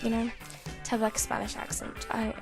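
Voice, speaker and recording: A woman's voice: a little high, completely flat delivery, a little fast, creaky, music in the background. A British woman chatting casually at her home computer during a game-building video, rambling and stumbling over her words with frequent giggles. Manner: rambling, self-interrupting, giggly. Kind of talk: casual gameplay commentary.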